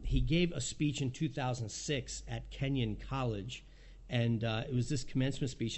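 A man's voice: mid-range voice, a little mellow. A middle-aged man preaching a sermon in an earnest way, reading quotes aloud and repeating words when he presses a point. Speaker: pastor.

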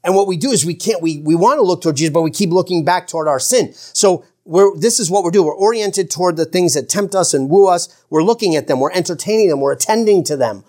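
A man preaching a sermon as pastor, earnest, slowing for emphasis and stumbling over restarts. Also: high-pitched, a little mellow. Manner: shifts from slow emphatic phrases to quick asides.

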